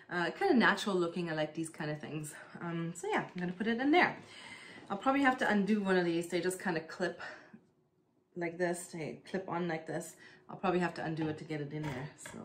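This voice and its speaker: A woman's voice: on the low side, animated, fairly quick. Casual woman in her 30s chatting away while potting plants, lots of fillers, camera mic at home, bit of background noise. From East Germany. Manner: chatty, many fillers, laughs while telling stories. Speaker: vlogger. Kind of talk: casual chat while doing plant chores.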